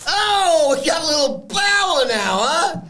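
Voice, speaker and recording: A man's voice: very high voice, very animated, measured pace, crowd noise, pitched above the performer's own voice, exaggerated voice. A man doing an exaggerated, cocky Italian-American mob boss impression.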